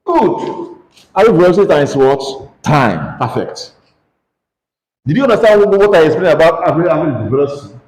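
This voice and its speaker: A man with a Nigerian English accent leads a classroom physics lesson, pressing his students with questions and pushing them to speak up. His voice sits a little high and moves up and down a lot. The room is echoey. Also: big pitch swings, brisk, a little mellow. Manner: questioning, coaxing students to answer aloud. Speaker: physics teacher.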